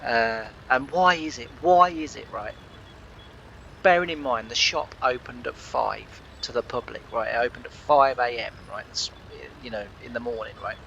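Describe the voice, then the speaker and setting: A man's voice: mid-range voice, moderate pace, gravelly, pushed and bright, highs cut off, a little hiss or hum. A tired man telling a rambling, exasperated story in a casual way. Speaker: gaming channel host.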